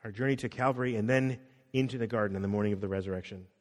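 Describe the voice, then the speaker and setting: A middle-aged man, a pastor, preaching a conversational sermon, acting out quotes and dropping soft on key words. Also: fairly low pitch, rapid-fire. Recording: long reverb of a hall.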